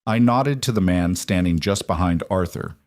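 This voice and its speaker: A man narrating a scripted first-person drama story in a steady, dramatic way. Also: low voice, normal speed, no echo, studio quality.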